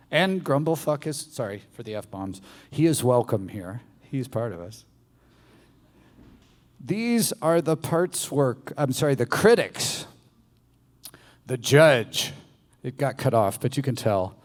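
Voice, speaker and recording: A man from the American South giving a playful, animated live talk to an audience in a bar venue. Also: mid-range voice, takes it slowly, long pauses. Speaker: public speaker. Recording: venue reverb from live stage.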